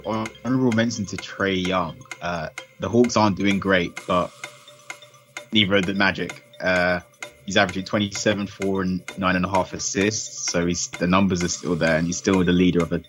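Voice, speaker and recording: Give me a low-pitched man making a confident, stats-heavy argument, with faint music behind him. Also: level tone, moderate pace, fairly bright tone. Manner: confident, stat-heavy, emphatic. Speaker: panelist. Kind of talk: casual panel chat.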